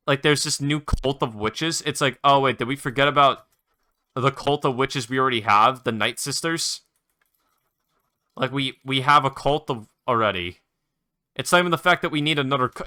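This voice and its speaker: A man's voice: medium pitch, sharp tone, dry recording, clean studio sound. A young man hosting his own show, ranting and rambling in a casual, exasperated way while playing a game, with lots of swearing. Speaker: host.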